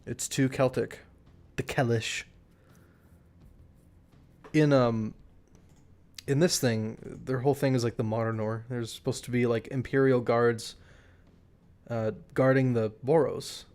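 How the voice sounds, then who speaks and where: A man's voice: medium pitch, steady tone, a little slow, darkish tone, smooth. A man streaming live, chatting casually in a rambling way, restarting his sentences and laughing at himself.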